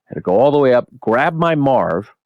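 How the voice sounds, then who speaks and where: A middle-aged man, a podcast host, telling a long convention story in casual chat, animated and swearing often. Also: mid-range voice, normal speed, no room sound, muffled recording.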